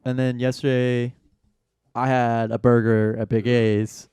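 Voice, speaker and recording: Male podcast co-host, easygoing and halting, smooth voice, dry sound. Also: medium pitch, flat delivery, warm tone, dry recording. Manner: laid-back, halting with ums. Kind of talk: casual chat.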